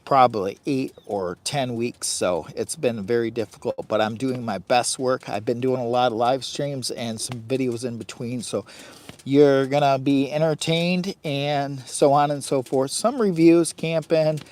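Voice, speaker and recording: A man's voice: mid-range voice, measured pace, darkish tone. A man hosting a casual outdoor live stream from his campsite, chatting directly with viewers. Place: outdoors by a hot tent, windy campsite.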